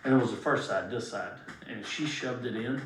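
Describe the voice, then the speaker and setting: A man telling a story as a guest in casual talk, emphatic and animated, swearing freely. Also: mid-range voice, normal speed. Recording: roomy, distant mic.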